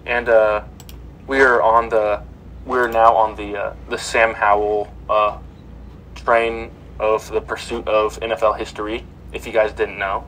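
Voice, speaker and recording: Male podcast host, low voice, reads news with filler words, slight background noise. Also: little pitch movement, a little slow, fairly bright tone, low-quality recording. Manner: reads headlines with many fillers. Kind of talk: casual sports news chat.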